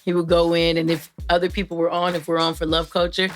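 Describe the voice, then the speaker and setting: A woman hosting her own show, chatting to listeners in a playful, rambling way with fillers and shout-outs. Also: lowish voice, monotone, fast. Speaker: podcast host. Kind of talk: casual solo chat to listeners.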